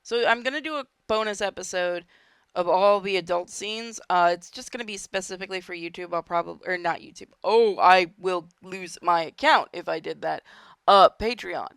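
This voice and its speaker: A gaming host giving casual, chatty commentary while playing, drifting from quiet mutters to sudden shouts. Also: mid-range voice, moderate pace, clean tone, no room sound.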